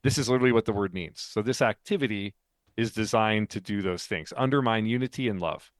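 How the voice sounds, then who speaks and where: A man's voice: on the low side, brisk, no room sound. Talkative man teaching in a dry room. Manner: talkative, explanatory, laughs often. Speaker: podcast co-host and author. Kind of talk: casual chat with teaching.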